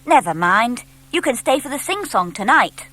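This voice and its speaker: A woman's voice: on the high side, big pitch swings, normal speed, bright, forceful tone, voice pushed up, exaggerated voice. A woman doing a jolly bossy boy scout. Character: cheerful confident young boy scout.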